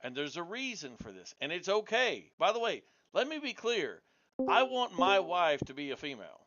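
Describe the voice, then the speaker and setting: Man, blunt, combative, heated debate, bright voice, dull lo-fi sound. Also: high-pitched, big pitch swings, moderate pace. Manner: blunt, combative, talks over others. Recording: dull lo-fi audio.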